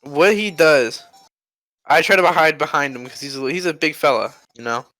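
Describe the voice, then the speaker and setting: A man's voice: fairly high pitch, fast, sharp tone, no echo, faint music behind, low-quality recording. A teenage boy telling a rambling story to friends on a casual podcast, laughing and acting out voices. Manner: rambling, laughs often, acts out quoted voices. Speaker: podcast co-host.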